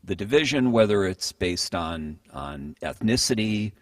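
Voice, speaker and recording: A man gives a motivational talk, earnest and storytelling, often restarting phrases as he builds his point. His low voice swings widely in pitch, and it sounds close and dry. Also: expressive, unhurried, no room sound. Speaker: speaker.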